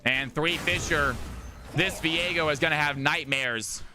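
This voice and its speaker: A man streaming and shoutcasting an esports match live, excitable and hyped, shouting over the big plays from a home streaming setup on a desk microphone. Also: fairly high pitch, measured pace, background noise. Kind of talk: live esports play-by-play commentary. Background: faint background music.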